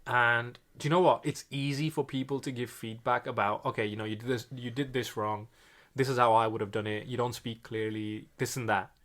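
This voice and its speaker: A man's voice: mid-range voice, level tone, a little fast, a bit bright. A young man from India with an Indian accent mixed with British and American tones, earnestly reflecting as a podcast co-host. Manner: earnest, with frequent restarts.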